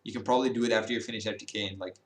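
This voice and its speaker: A man's voice: fairly low pitch, steady tone, racing, echoey room. A young man giving blunt, rambling advice on learning a language in a casual vlog, full of fillers and restarts, swearing and laughing at times.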